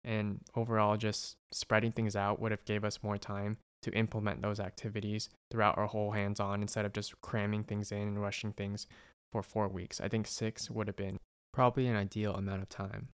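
A man's voice: lowish voice, level tone, normal speed, few pauses, clean tone. A young man in his twenties, a medical student, talking through his experiences in an earnest, reflective casual conversation. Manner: earnest, reflective, thinks out loud with restarts.

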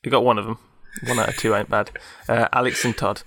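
A man's voice: mid-range voice, flat delivery, fast talker, fairly bright tone. Rambling man telling a story. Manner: rambling, full of fillers and laughs. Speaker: podcast co-host. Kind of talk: casual chat and storytelling.

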